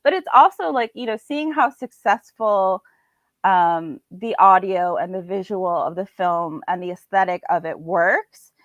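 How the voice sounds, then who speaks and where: A woman's voice: medium pitch, a little slow, no room sound. A woman guest in a casual interview, talking freely about books and films with many fillers. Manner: chatty, filler-heavy, acts out her own thoughts. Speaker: indie author and podcast guest. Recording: dull, slightly lo-fi dry sound.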